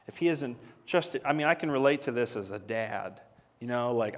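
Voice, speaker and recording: A man's voice: mid-range voice, in a large hall. A man, a father, preaching a sermon in an earnest, conversational way that builds to emphatic peaks. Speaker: pastor.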